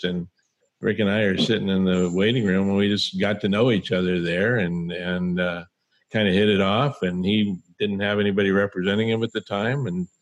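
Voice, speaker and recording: A man with a low voice tells a story in a measured, easygoing way. He speaks as a lawyer and sports agent who is a guest on an interview show. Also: low-quality recording.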